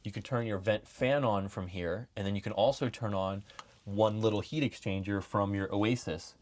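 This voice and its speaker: A young man presenting a casual, enthusiastic walkthrough tour of a motorhome, chatty and now and then dropping to a soft, low voice. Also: fairly even intonation, moderate pace. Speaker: RV dealer presenter.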